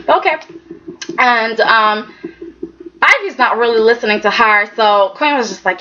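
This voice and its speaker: A woman chatting casually as a soap opera reviewer, animated, sassy and rambling. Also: a little high, measured pace, pauses often, a little hiss or hum. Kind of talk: casual chat. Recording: dull lo-fi recording.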